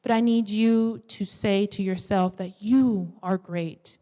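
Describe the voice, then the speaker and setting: A woman in her twenties preaching a sermon in a church, lively and exhorting, with playful asides. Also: medium pitch, slow. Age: 20s. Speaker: women's ministry speaker.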